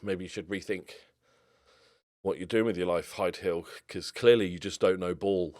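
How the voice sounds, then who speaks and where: A young man giving casual gameplay commentary, excitable, swinging from mumbled asides to loud outbursts. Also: deep voice, normal speed, dry recording, studio quality. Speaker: gaming YouTuber.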